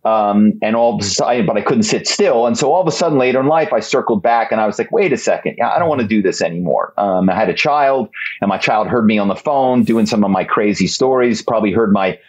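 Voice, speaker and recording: Animated middle-aged male storyteller. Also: lowish voice, brisk. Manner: animated, repetitive, dramatic build-ups. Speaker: author and guest. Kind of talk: storytelling interview talk. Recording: slightly dull lo-fi sound.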